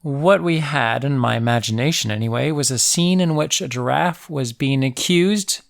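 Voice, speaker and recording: A man's voice: medium pitch, moderate pace, gravelly, hardly any pauses. A man hosting a children's nature and science podcast, explaining facts in a playful, jokey way and asking the listener questions. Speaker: host of a kids' science podcast. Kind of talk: educational narration for children.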